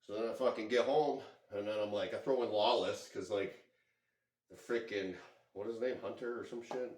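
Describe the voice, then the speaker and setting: A man telling a story to his camera in a casual, rambling, excitable way, full of swearing. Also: fairly low pitch, moderate pace. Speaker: vlogger. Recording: echoey room.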